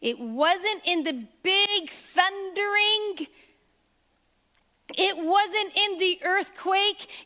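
A woman's voice: extremely high pitch, pushed and bright. A woman preaching a sermon, emphatic and drawing out key phrases. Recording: long hall reverb.

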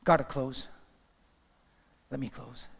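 A man preaching a sermon as pastor, passionate, swinging from loud calls down to hushed whispers. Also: mid-range voice, fairly even intonation, slow, vocal fry, husky, in a large hall. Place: church.

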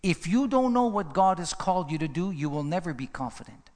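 A man preaching a sermon with passion, swinging from hushed asides to rising emphatic runs. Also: high voice, lively intonation, a little fast. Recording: reverberant hall.

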